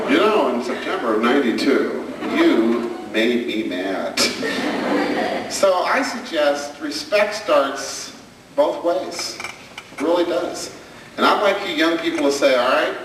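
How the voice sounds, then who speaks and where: A man's voice: medium pitch, fairly bright tone. A middle-aged man tells humorous stories to an audience and keeps pulling the crowd in with questions. He is caught by a distant camcorder in a big, very echoey hall. Faint hiss sits under the voice. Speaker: speaker on parenting. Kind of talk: stage talk to an audience. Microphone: far camcorder. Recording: echoey camcorder recording from far off.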